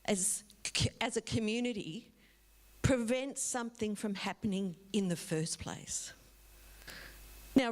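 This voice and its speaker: A middle-aged woman giving a public talk as a guest speaker, telling a vivid story and speaking directly to the audience. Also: fairly high pitch. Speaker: guest speaker from a drug foundation.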